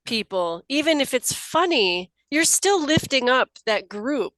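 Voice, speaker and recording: A woman's voice: high voice, big pitch swings, a little slow, fairly bright tone, no echo, low-quality recording. A woman hosting a casual interview podcast, asking questions and laughing along with her guest. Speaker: podcast host.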